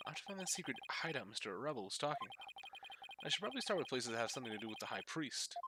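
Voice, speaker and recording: A man's voice: mid-range voice, sing-song, quick pace, heavy background noise, lightly acted. A man reading aloud the lines of an adult male defense lawyer, with a dry inner-monologue delivery. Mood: wry. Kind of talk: reading game dialogue aloud.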